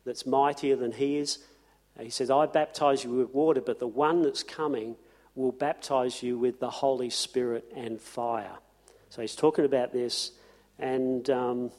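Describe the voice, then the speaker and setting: Slow-speaking man preaching in a hall. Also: medium pitch, darkish tone. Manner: conversational, chuckling, repeats phrases for emphasis. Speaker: pastor. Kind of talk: sermon. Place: church.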